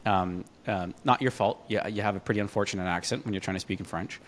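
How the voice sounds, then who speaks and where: Wry, low-voiced podcast man. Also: fast talker, a little hiss or hum. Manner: wry, teasing, reads listener comments. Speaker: podcast co-host. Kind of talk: casual political chat.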